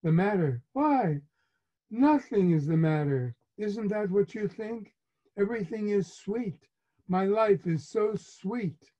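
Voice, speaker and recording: A man's voice: high voice, slow pace, dark tone. A man reading aloud and voicing his complaining, guilt-tripping mother in a raised, sarcastic tone, on a dull lo-fi recording. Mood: plaintive, martyred. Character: martyred, complaining middle-aged mother.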